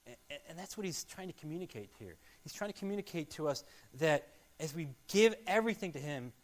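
A man preaching a sermon as a pastor, earnest and repetitive, swinging between loud emphasis and quiet asides. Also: fairly high pitch, animated, fast. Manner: earnest, repetitive, rising and falling loudness.

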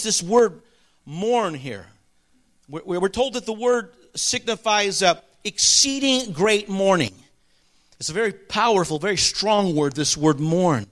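A man preaching a sermon in a high, bright, forceful voice. He presses each point hard, swinging from ringing peaks down to hushed, heavy passages. He keeps asking the congregation for agreement. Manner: emphatic, swings between ringing highs and hushed lows.

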